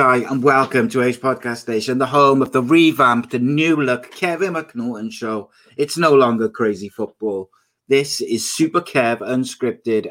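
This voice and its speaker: A man hosting a podcast, running through a quick intro and then reading out viewer comments in casual chat. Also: medium pitch, a bit bright. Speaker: podcast host.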